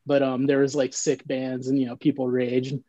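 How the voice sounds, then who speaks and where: Mellow laid-back man, rambling band stories. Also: mid-range voice, completely flat delivery, moderate pace, lo-fi sound. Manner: laid-back rambling storytelling, heavy use of "like". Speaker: band member recalling band history. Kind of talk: casual podcast chat.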